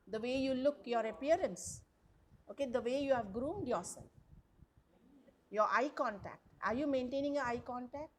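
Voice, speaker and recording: A woman's voice: fairly high pitch, slight background noise. A woman lecturer, teaching a college class over a video call in a chatty way, often asking the students questions. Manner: chatty, repeats words, asks the class questions. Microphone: computer mic on a video call.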